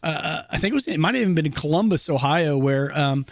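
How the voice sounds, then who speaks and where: A man speaks earnestly in a casual podcast chat. His voice sits a little high and is recorded dry and close, with no room sound. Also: animated, fast, no echo. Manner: affirming listener, laughs along, then speaks earnestly. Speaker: podcast co-host.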